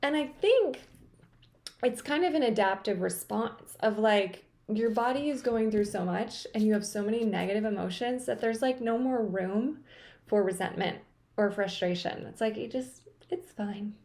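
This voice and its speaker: Woman talking softly to camera, kinda emotional, lots of likes and pauses. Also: a little high. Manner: soft, thoughtful, with frequent fillers. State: a little emotional. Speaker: host. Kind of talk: reflective personal talk to camera.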